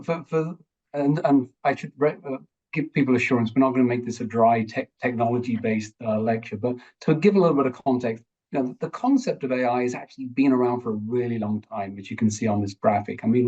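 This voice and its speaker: A man's voice: mid-range voice, dark tone, slightly rough, muffled recording. A man with a non-American accent, an audit partner, explaining on a panel, fluent but prone to restarts.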